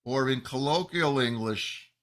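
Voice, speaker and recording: A man giving an angry, emphatic monologue as a rabbi, slow and building to loud outbursts. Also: medium pitch. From United States. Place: New Jersey.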